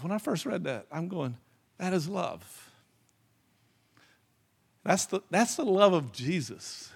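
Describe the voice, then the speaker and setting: A man preaching a sermon, telling stories in a rambling, animated way and often restarting his sentences. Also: medium pitch, gravelly. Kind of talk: sermon with storytelling.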